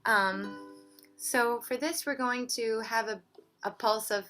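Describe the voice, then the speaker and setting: Slow-talking woman teaching ukulele. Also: on the high side, soft background music. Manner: explains slowly, counts beats aloud. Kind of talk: music lesson with playing and counting. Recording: loud ukulele behind voice.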